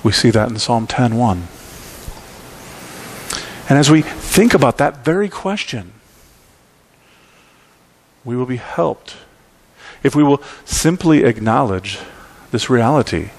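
A man's voice: mid-range voice, expressive, slow, pauses often, a little hiss or hum. A male pastor preaching a sermon, telling a story with emphatic repeats.

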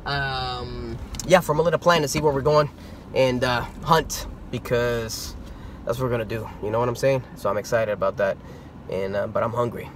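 A man chatting in a casual vlog, rambling and excitable, with lots of fillers. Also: medium pitch, moderate pace, a little hiss or hum. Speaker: vlogger. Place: outdoors and in a car around shops.

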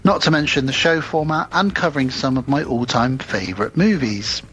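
A man's voice: medium pitch, normal speed, a bit bright, highs cut off, a little hiss or hum. A British man co-hosting a casual podcast, chatting easily and reading a listener's email aloud. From United Kingdom. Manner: easygoing, chatty, laughs often. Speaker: podcast co-host.

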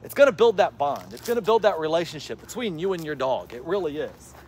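A man films a vlog outdoors in a yard, throwing for his dog and drifting through easygoing tips for viewers while excitedly encouraging the animal. His voice sits on the high side and moves briskly, with slight background noise.

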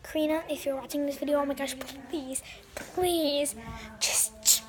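A young girl vlogging casually at home, gushing and excitable, often dropping into whispers. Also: high-pitched, normal speed. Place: home, indoors.

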